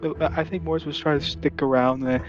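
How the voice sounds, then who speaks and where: A man's voice: on the high side, fairly even intonation, fairly quick, highs cut off, over music. A man playing a tabletop game in a playful, casual way. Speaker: player.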